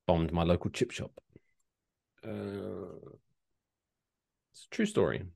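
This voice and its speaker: A man from England co-hosting a comedy podcast, telling stories in a lively, jokey way and slipping into silly voices. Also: low-pitched, slow, creaky. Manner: animated, slips into silly put-on voices. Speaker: podcast co-host. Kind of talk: comedic storytelling chat.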